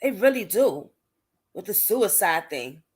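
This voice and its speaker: This young woman from Brooklyn, New York, hosts a casual advocacy livestream, calling out viewers by name in an emphatic, indignant tone. Her mid-range voice is husky and very animated, and she takes her time.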